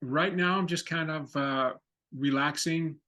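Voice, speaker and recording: A man's voice: fairly high pitch, measured pace, bright, forceful tone. A man being interviewed as a guest over a video call, speaking in a laid-back way with short agreeing replies. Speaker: guest actor. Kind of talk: casual interview.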